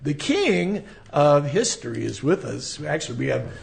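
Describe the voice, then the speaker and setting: A man's voice: on the high side, big pitch swings, normal speed, creaky. A man hosting a radio talk show, joking with his co-hosts and guessing aloud with fillers. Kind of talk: casual on-air chat.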